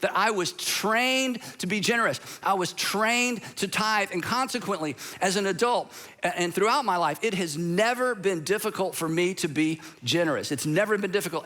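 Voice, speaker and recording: A man in his sixties from Georgia in the United States, preaching a sermon as a pastor in a relaxed, storytelling way with light humor and frequent restarts. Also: sits high, fairly quick. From Georgia, USA.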